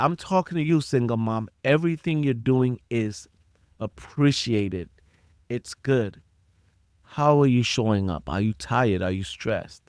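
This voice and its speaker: The solo podcast host, a middle-aged man, has a mid-range voice that's a little mellow. Even so, he delivers a passionate, preachy rant directly to his audience, repeating points for emphasis. The sound is clean studio audio with no room sound.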